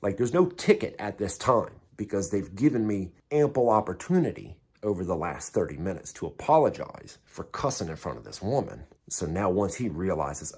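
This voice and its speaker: A man's voice: sits low, big pitch swings, moderate pace, hardly any pauses, darkish tone, husky. A man telling a story in a casual way, blunt and heavily profane, and mocking himself. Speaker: vlogger recounting prison time.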